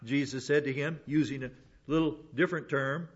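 A man's voice: mid-range voice, brisk, slightly rough. A man teaching through a Bible passage in a casual, folksy way, wandering into personal stories. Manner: folksy, digressive storytelling with restarts. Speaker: pastor. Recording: dull lo-fi sound.

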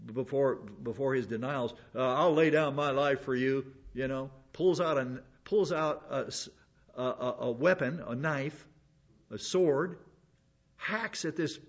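A man's voice: mid-range voice, animated, takes it slowly, slightly rough. A man teaching through a Bible passage in a casual, folksy way, wandering into personal stories. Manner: folksy, digressive storytelling with restarts. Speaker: pastor. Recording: dull lo-fi sound.

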